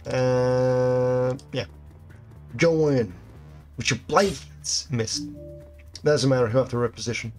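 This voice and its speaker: A man's voice: medium pitch, steady tone, takes it slowly, pauses often, faint music behind. A man playing a video game, reading its text aloud and reacting casually to the fights. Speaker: gameplay commentator.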